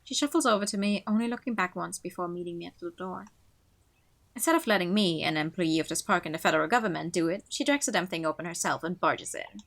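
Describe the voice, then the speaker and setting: Expressive woman streamer reading a story game. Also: on the low side, quick pace, gravelly. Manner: expressive narration with laughing asides. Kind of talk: reading a visual novel aloud.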